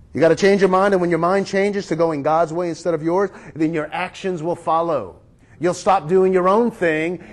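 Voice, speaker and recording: A man pastor preaching a sermon, emphatic and drawing his congregation into call-and-response. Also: high-pitched.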